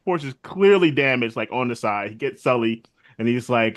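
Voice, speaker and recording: A man's voice: medium pitch, brisk, fairly bright tone. A man co-hosting a casual movie review podcast, laid-back, tagging his sentences with "man" and "right?". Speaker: podcast co-host.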